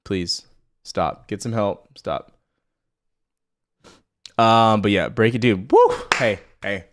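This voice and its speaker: A man's voice: fairly low pitch, takes it slowly. Blunt rambling male trading streamer. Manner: rambling, blunt and profane, addresses viewers directly. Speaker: stock trading livestream host. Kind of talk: casual live market commentary.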